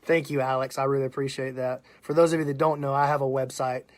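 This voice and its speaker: A man's voice: mid-range voice, level tone, fast talker. A man with a Southern US accent hosting a casual live stream, chatting and greeting viewers by name. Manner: chatty, shouting out viewers, laughing often. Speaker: podcast host.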